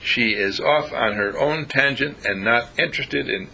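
A man's voice: medium pitch, measured pace, creaky, bright, forceful tone, breathy edge. A man giving an informal spiritual talk to a small group, asking his listeners questions and chuckling often. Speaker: spiritual teacher.

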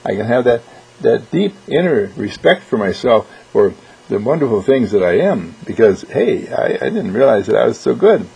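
A man giving a motivational talk, animated and often clearing his throat. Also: medium pitch, normal speed, rough recording. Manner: animated, acts out quoted voices. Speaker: motivational speaker.

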